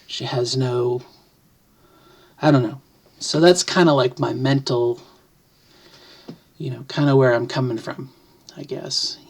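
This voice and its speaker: A woman's voice: extremely low pitch, steady tone, slow pace, pauses often, a little mellow, breathy edge. Middle-aged trans woman, rambling and reflective. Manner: thoughtful, rambling, with many restarts and self-deprecating jokes. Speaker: vlogger. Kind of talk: casual to-camera talk. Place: home, at a computer desk.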